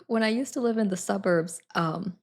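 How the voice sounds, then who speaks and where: A woman's voice: medium pitch, normal speed. A woman chatting casually to her live stream audience, giggling between sentences. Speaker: Twitch streamer.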